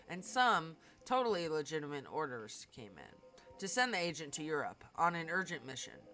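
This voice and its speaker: A woman's voice: deep voice, pushed and bright, full character voice. A woman reading a game aloud, voicing a formal alien being who speaks as a collective "we", in a stiff, precise manner.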